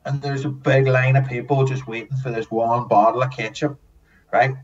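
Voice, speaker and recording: A man telling lively, profane stories as a podcast guest, acting out the people in them. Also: mid-range voice, normal speed, distant mic, dull audio. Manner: animated, swears often, acts out quotes. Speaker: guest, former TV extra. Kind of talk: casual storytelling.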